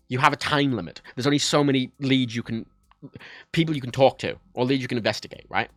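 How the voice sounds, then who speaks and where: A man's voice: mid-range voice, fast, dry recording, soft background music. A man chatting casually on a livestream about a game. He rambles, corrects himself often and swears freely.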